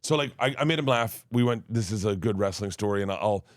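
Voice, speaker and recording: A man telling wild personal stories as a guest, switching into loud laughing impressions of the people in them. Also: on the low side, a little fast, no room sound, studio quality. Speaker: guest storyteller. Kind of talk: comic storytelling.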